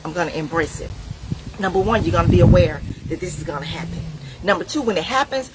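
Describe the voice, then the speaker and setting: A middle-aged woman speaking, giving a preachy, animated motivational talk straight to the viewer. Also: on the low side, fast talker, noisy background. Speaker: inspirational speaker.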